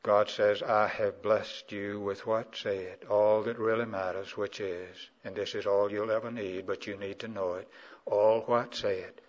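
A man preaches with a call-and-response rhythm, urging listeners to answer back. His voice dips low and quiet, then climbs loud and high on key words. The old recording sounds dull and muffled. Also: fairly even intonation, moderate pace. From South Carolina. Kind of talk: sermon.

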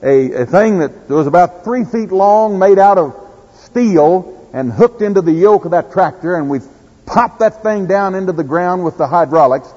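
A man's voice: high-pitched, expressive, moderate pace, darkish tone, breathy edge. A man with an Oklahoma accent preaching a sermon in a folksy way, telling farm stories and reading scripture. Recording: echoey hall, dull lo-fi sound.

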